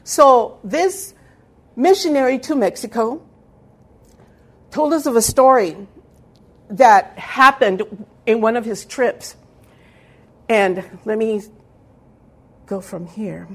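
A woman's voice: on the high side, animated, takes it slowly, long pauses. A woman preaching a sermon with fervent calls for amens, telling a story with quoted dialogue.

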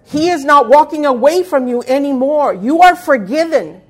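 A woman's voice: high voice, lively intonation, normal speed. A woman preaching a sermon with fervent calls for amens, telling a story with quoted dialogue.

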